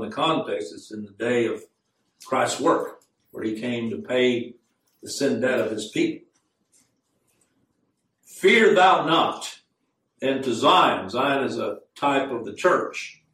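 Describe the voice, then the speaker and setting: Preacher guy giving a sermon, earnest, gets fired up, reads verses slow, echoey church sound from off mic. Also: medium pitch, fairly bright tone. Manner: earnest, rising to fervent emphasis, quotes scripture slowly. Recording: echoey room, mic at a distance.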